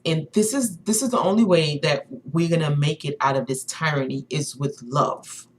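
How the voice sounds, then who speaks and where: A woman's voice: sits low, normal speed. A woman co-hosting a casual spiritual chat, rambling with many fillers and restarts. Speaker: channel co-host.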